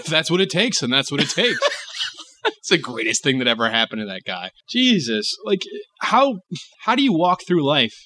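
A man's voice: on the high side, big pitch swings, moderate pace, bright, forceful tone, slight background noise. A man co-hosting a podcast in casual chat, sarcastic and swearing freely, laughing often. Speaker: podcast co-host.

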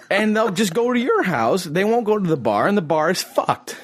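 A man's voice: sits high, very animated, normal speed. A young man co-hosting a casual podcast, a bit drunk, rambling and swearing a lot. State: tipsy. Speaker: podcast co-host. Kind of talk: casual chat.

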